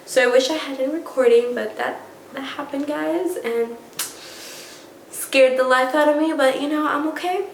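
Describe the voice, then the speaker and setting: Excitable young woman telling ghost stories. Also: sits high, moderate pace, gravelly, slight background noise. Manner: excitable, many fillers like "like" and "oh my gosh". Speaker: vlogger. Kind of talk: casual storytelling. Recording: echoey room.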